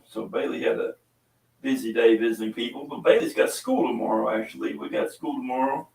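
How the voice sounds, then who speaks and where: A man's voice: mid-range voice, gravelly, fairly bright tone, recorded from a distance. A middle-aged man hosting a casual chat, rambling and telling stories with lots of ums and uhs. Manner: rambling, chatty storytelling with many fillers. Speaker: podcast host and small coffee seller. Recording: roomy echo, voice away from the mic.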